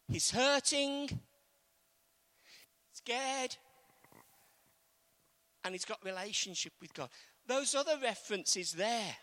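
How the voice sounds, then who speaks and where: A man's voice: very high-pitched, sharp tone. A man preaching a sermon in a conversational way, asking the congregation questions. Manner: conversational, asks the congregation questions, acts out quotes.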